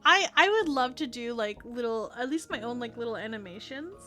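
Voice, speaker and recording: A woman's voice: a little high, expressive, a little fast, pushed and bright. A woman VTuber streamer chatting casually at home. She rambles, with lots of fillers and restarts. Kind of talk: casual chat while streaming. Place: home room with her cat. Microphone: desk streaming mic.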